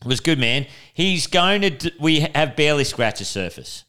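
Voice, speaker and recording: A man's voice: fairly high pitch, very animated, normal speed, bright, forceful tone, clear, resonant tone. A young Australian man co-hosting a casual comedy podcast in a laid-back, chatty way, swearing freely. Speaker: podcast co-host.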